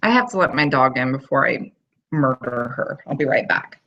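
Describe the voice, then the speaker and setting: Her voice rumbles low yet stays animated and a bit bright, moving at a moderate pace, and the recording has its highs cut off. She's a woman in her thirties hosting a casual video chat from home, chatty and full of fillers.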